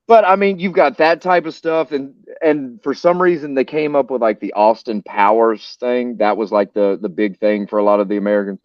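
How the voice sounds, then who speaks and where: A man's voice: medium pitch, normal speed, few pauses, dry recording. Profane rambling man, dull dry sound. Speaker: podcast host. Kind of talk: casual chat.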